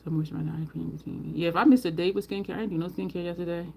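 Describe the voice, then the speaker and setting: A woman's voice: lowish voice, fairly even intonation, racing, creaky, darkish tone, a little hiss or hum. A woman hosting a casual livestream, chatting with viewers and answering their comments while she does her makeup. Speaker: livestream host.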